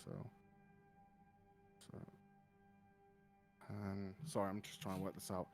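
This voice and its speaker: A man's voice: low voice, completely flat delivery, slow pace, faint music behind. A man running a tabletop game as dungeon master, narrating casually and thinking aloud while he works out the rules. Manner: laughs often, thinks aloud while counting.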